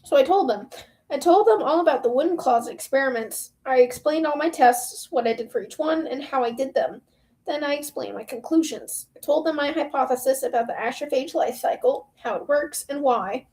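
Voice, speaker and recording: A woman's voice: high-pitched, animated, fairly quick, darkish tone. Brief: woman reader, casual book read-aloud, playful commentary. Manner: playful, chatty asides between passages.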